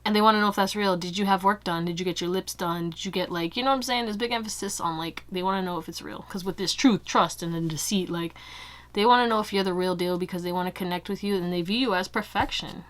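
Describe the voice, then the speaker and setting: Young female tarot reader, chatty and giggly, slightly low voice, casual talk to viewers. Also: fast talker, fairly bright tone. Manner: chatty, laughs often, many fillers like "like" and "you know". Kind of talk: casual pick-a-card tarot reading.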